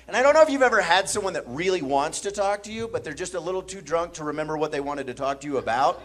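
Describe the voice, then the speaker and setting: A man's voice: on the high side, fast talker, hardly any pauses. A man from the American Midwest doing a stand-up comedy set on a club stage, acting out the strangers in his stories. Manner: animated, acts out drunk strangers with mumbling voices. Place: comedy club stage before a laughing audience.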